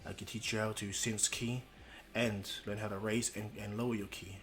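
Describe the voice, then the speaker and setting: A man voicing a gentle old male guardian deity, speaking lower, slow and measured. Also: flat delivery, faint music behind, lightly acted. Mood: solemn.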